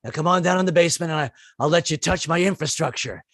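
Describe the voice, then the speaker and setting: Man putting on a creepy old uncle, whispery, coaxing, quick. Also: fairly high pitch, a bit bright, no echo, clean studio sound.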